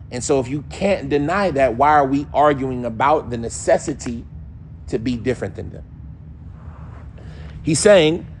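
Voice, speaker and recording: A man giving a casual, animated religious lesson, now and then mimicking other people's voices and accents. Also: on the high side, slight background noise. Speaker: Islamic teacher.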